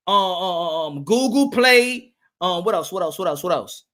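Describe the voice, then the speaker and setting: Male live-stream host, high bright voice, playful chat with lots of repeats. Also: lively intonation, unhurried, hardly any pauses. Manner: playful, joking, repeats himself. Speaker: boxing podcast host.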